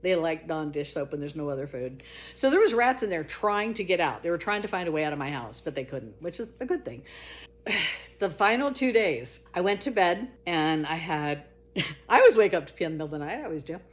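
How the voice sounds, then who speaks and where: A middle-aged woman casually telling her own story, animated, jumping to high exclaimed quotes and dropping to low murmurs, laughing as she goes. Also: fairly quick.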